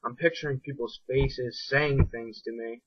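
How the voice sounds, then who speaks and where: A man's voice: medium pitch, steady tone, a little slow, slightly rough, no room sound. Young man recounting, dull lo-fi sound. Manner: reflective, rambling, conversational. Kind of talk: casual first-person storytelling. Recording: dull lo-fi dry recording.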